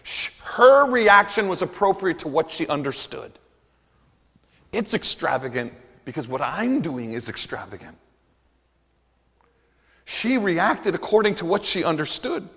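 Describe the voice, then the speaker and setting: A man's voice: a little high, very animated, a little slow, pauses often, sharp tone, breathy edge. A man preaching a sermon as pastor, earnest and emphatic, asking the congregation rhetorical questions. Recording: long hall reverb.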